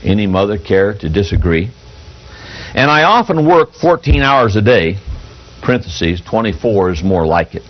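Lively, husky-voiced preacher man. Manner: folksy, halting preaching with lively pitch, reading an article aloud. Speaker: pastor. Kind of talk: sermon. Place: church pulpit. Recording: dull lo-fi church recording.

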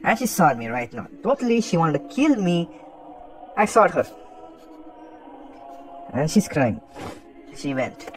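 Excitable man doing let's-play commentary. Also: on the high side, a little slow, long pauses, faint music behind. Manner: excitable, taunting the monster and swearing. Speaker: gaming commentator.

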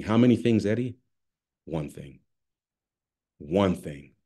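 A middle-aged man delivers an online conference keynote over a video call. His voice sits low and slightly husky. He speaks expressively and turns to listeners by name. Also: animated, slow pace, pauses often, mellow.

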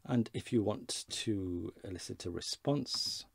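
A man giving an informal beginner language lesson, slowly modelling words for learners to repeat. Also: fairly low pitch, gravelly, husky, no echo. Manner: slow, careful pronunciation drills. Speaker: Welsh language teacher.

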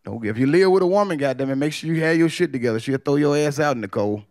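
A man doing a profane stand-up comedy set, telling loose stories with quick character voices. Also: a little high, animated, no room sound, studio quality. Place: comedy club stage with audience. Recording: loud crowd laughter behind.

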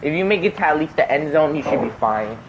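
A man's voice: on the high side, animated, fast talker, lo-fi sound, a little hiss or hum. A young man streaming a game, chatting casually with friends, laughing often and swearing in joking banter. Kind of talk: casual gaming chat with friends.

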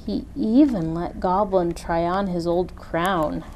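A woman reading a children's picture book aloud with expressive delivery. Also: fairly low pitch, slow pace, slight background noise, rough recording. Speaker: story reader. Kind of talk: children's storytime read-aloud.

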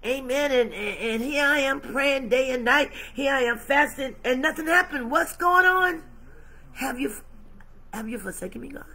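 A woman's voice: high voice, normal speed, sharp tone. Emphatic woman preaching a sermon. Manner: emphatic, repetitive, dramatized dialogue with God. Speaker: pastor.

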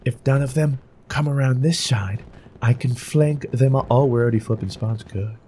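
A young man giving playful, jokey commentary over his own gameplay, trash-talking and yelling with sudden bursts of excitement. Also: mid-range voice, normal speed, slight background noise. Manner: playful, jokey trash talk, animated outbursts. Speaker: gaming YouTuber. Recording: game audio with gunfire and music behind.

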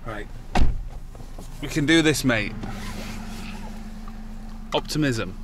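A young English man vlogs his travels in a chatty, upbeat way. His voice sits at a middling pitch. Traffic and outdoor noise fill the recording. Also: slow. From England. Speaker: travel vlogger. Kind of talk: casual chat. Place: outdoors and in a car.

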